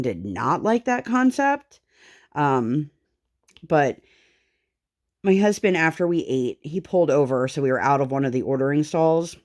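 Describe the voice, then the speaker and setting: A woman's voice: low-pitched, darkish tone. A woman vlogger and mother chatting casually while crafting, telling rambling stories full of fillers. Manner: rambling storytelling, many fillers.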